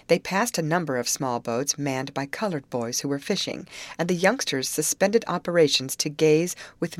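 Brief: woman audiobook narrator, low and expressive, varied intonation. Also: no echo. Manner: expressive, voices each character. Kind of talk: audiobook reading of a novel.

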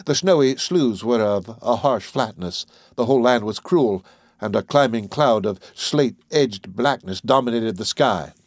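A man narrating an audiobook in a measured, unhurried way. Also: medium pitch, expressive, no echo, clean studio sound.

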